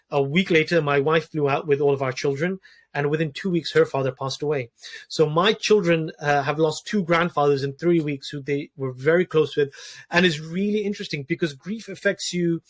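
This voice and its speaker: Earnest man, slightly high voice. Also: a bit bright. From Wales. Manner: earnest, many restarts and repeated words. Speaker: podcast guest, doctor. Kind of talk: reflective personal conversation.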